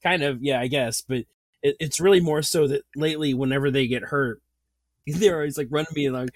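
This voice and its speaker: A man's voice: a little high, brisk, dry recording. A man in his thirties with a slightly raised voice tells a story in a casual podcast chat. He laughs often and fills his talk with "like." The sound is dry and close. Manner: animated storytelling, laughs often, many fillers. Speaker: podcast host.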